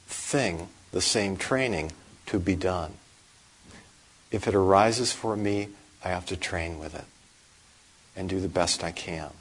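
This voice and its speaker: Husky-voiced monk giving a slow dharma talk. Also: male voice, fairly low pitch, poor audio. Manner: slow, deliberate, with wry humor. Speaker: Buddhist monk teacher.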